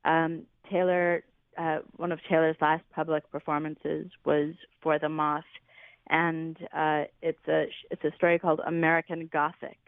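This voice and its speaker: A woman who is a guest musician, rambling warmly as she searches for words in an interview. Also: low-pitched, level tone, a little slow, no echo, narrow, tinny audio. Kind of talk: casual interview chat.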